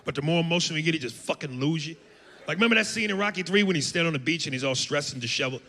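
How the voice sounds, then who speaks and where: A male stand-up comedian telling loud, animated jokes on a club stage into a handheld mic, with a noisy live recording. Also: a little high, very fast. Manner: loud, animated, shouting punchlines.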